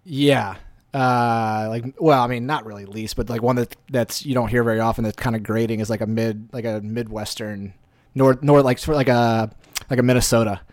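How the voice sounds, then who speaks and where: A man's voice: medium pitch, steady tone, normal speed, no room sound. A man chatting as a guest on a casual podcast, easygoing and hesitant, laughing easily. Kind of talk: casual conversational interview.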